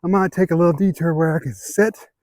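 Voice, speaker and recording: A man's voice: on the high side, fairly even intonation, fast, a little mellow, dry recording. Winded man with Ozark twang. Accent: Ozark Southern American. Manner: chatty, easygoing, talks to viewers while walking. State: out of breath from climbing. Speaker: hiking vlogger. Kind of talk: casual walking vlog. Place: outdoors on a wooded trail. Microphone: handheld camera.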